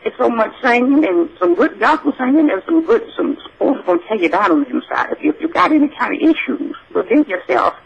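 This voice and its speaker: A man does a comic call-in character bit as a churchy elderly grandmother, using a very high, sing-song voice that runs a little fast. The exaggerated voice has vocal fry and a breathy edge, with few pauses. The older character is preachy and effusive, calling everyone sugar and exclaiming Lord and Jesus, all on a muffled recording.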